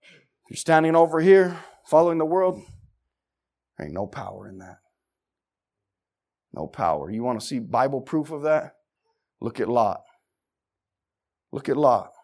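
A man preaching a sermon with passion, firing rhetorical questions, shouting at the peaks and dropping to hushed tones. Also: medium pitch, sing-song, unhurried, long pauses.

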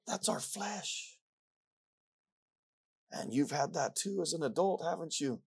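A man preaching a sermon, repeating himself and rising from quiet passages to loud ones. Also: on the high side, expressive, slow, gravelly, breathy edge.

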